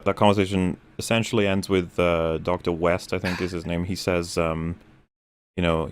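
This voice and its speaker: A man's voice: sits low, little pitch movement, normal speed, clean tone. Hesitant man recapping a film. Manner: hesitant, many fillers and restarts. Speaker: stream panelist reviewing a film. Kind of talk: casual chat.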